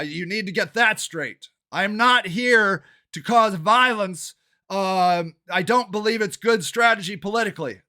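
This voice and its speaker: Older male activist, high strained shouting rant, harsh and profane. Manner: shouting, swearing, fast and agitated. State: angry and worked up. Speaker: local activist and city council candidate. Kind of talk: angry ranting monologue.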